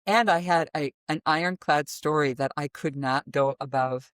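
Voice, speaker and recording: Deep-voiced Midwestern woman, dry sound. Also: moderate pace, no echo. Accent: American Midwestern. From middle of the United States. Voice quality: naturally deep voice. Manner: expressive, animated storytelling with sudden vocal demonstrations. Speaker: guest, voice teacher. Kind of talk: conversational interview.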